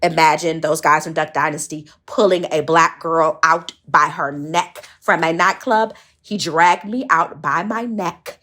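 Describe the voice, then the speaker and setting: A woman's voice: low voice, fairly even intonation, measured pace, hardly any pauses, bright, forceful tone. A woman around forty from Michigan telling a personal story in a blunt, profane, self-mocking way. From Saginaw, Michigan, US. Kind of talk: casual storytelling monologue.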